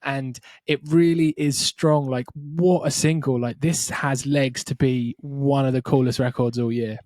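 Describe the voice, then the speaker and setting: A man co-hosts a podcast, describing music in loose, adjective-heavy chat. His voice sits at an ordinary middle pitch. The recording is dry and close. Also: steady tone, measured pace, darkish tone, dry recording. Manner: descriptive, piles up adjectives with many "like" fillers. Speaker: podcast co-host. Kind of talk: casual chat about metal records.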